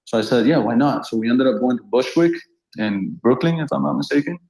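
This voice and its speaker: A man in his thirties from Colombia, a street artist telling funny anecdotes in a relaxed, animated way and laughing often. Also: mid-range voice, brisk, creaky. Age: 30s. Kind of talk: casual storytelling. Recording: roomy echo.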